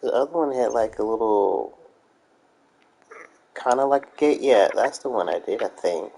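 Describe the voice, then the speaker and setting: A man's voice: medium pitch, expressive, moderate pace, gravelly, long pauses, mellow, a little hiss or hum, low-quality recording. A tired man giving casual, mumbling commentary while playing a game, with wry asides. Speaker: game streamer.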